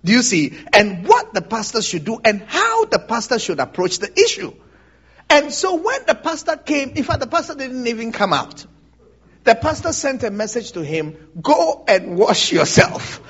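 Speaking at normal speed in a very high, husky voice, a pastor leads a lively, interactive Bible lesson. He questions the congregation about whether they follow him and laughs often, though the recording is muffled.

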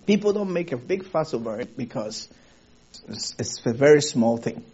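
Male pastor, sermon, high lively voice, chuckles often, asks the congregation questions, dull lo-fi sound. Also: normal speed, breathy edge. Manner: animated, laughs often, rhetorical questions to the congregation. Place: theater used for a church service.

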